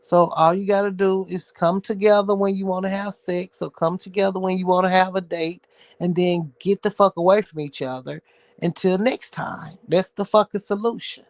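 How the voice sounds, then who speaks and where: Male host with a high voice and a dry, close sound. Blunt, sassy, cursing streamer rant. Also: steady tone, normal speed, no echo. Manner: blunt, profane, sassy ranting. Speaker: show host. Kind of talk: casual livestream rant.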